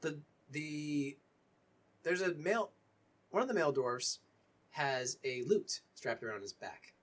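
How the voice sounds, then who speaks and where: A young man with a husky voice, narrating a tabletop role-playing game as game master in a loose, joking way. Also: fairly high pitch, animated, measured pace, fairly bright tone.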